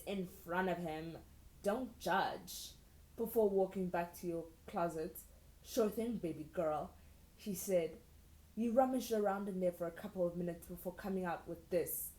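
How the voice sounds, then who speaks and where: A woman's voice: medium pitch, normal speed, mellow. A young woman reading old fan fiction aloud and breaking off for sarcastic, incredulous asides. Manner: sarcastic, incredulous asides between read passages. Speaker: YouTuber. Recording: roomy echoey room.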